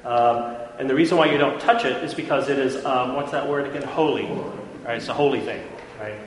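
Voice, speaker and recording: A man's voice: mid-range voice, fairly quick. Chatty male lecturer in echoey hall. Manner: chatty, checks in often with "right?". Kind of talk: informal classroom lecture. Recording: echoey hall, faint room noise.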